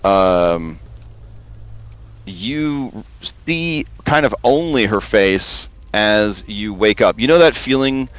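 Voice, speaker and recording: A man narrating as game master in a relaxed, hesitant way with many pauses and ums. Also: lowish voice, clear, resonant tone, no echo.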